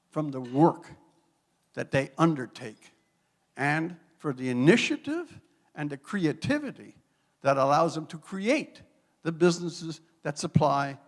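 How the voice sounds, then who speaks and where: In an echoing gala banquet hall, a high-voiced man from Newfoundland, Canada, gives an after-dinner speech as the guest speaker. His storytelling is wry and dramatic, laced with rhetorical flourishes, and the recording carries a large hall's long reverb.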